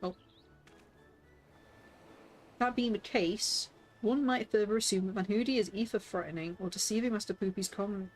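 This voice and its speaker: A woman's voice: medium pitch, normal speed, long pauses, soft background music. A woman streaming a game, chatting playfully with viewers and reading character lines aloud with lots of laughter.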